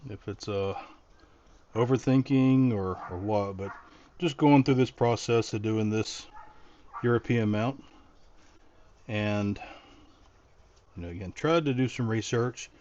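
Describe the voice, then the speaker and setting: A man's voice: fairly low pitch, slow, long pauses, darkish tone, lo-fi sound, a little hiss or hum. A middle-aged man casually talking through a DIY project, thinking aloud and rambling with frequent restarts. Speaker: DIY vlogger.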